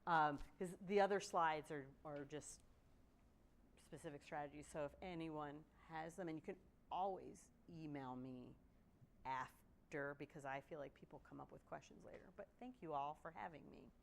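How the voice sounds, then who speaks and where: A woman giving a workshop talk, telling stories in an animated way and often asking "right?". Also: low voice, normal speed, vocal fry, slight background noise. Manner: animated storytelling with frequent "right?". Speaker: guest speaker. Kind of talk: workshop presentation.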